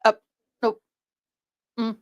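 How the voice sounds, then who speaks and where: A woman's voice: extremely slow, lo-fi sound. A woman chatting on a video call from home, telling a story and acting out the people in it. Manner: animated storyteller who acts out quoted people. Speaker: live-stream co-host. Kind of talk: casual video chat. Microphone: video call webcam.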